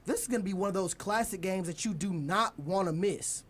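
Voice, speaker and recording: A man's voice: high voice, a little fast. A young man hosting a college sports radio show, talking casually and energetically as he previews games. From United States. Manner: energetic, leads the segment, stalls and laughs.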